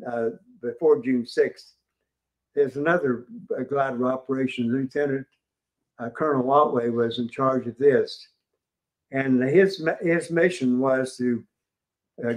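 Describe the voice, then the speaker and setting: Older West Virginian man giving a halting history talk. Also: medium pitch. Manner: halting, many fillers and restarts. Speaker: museum lecturer. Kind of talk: informal history lecture.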